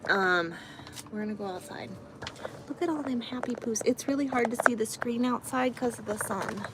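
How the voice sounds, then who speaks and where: A woman's voice: on the high side, moderate pace, noisy background. A woman truck driver chatting casually on a live stream from her truck cab, rambling with lots of ums.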